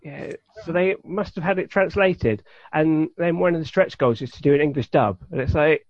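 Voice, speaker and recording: A man co-hosting a podcast in casual chat, joking and lively, on a dull lo-fi recording. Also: a little high, moderate pace, no echo.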